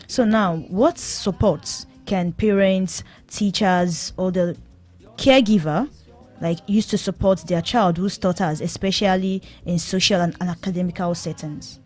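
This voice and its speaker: Radio host from Nigeria, woman with a lowish voice, faint music underneath, interviews and repeats the guest's words. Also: a little slow, a little mellow. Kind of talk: radio health talk show interview.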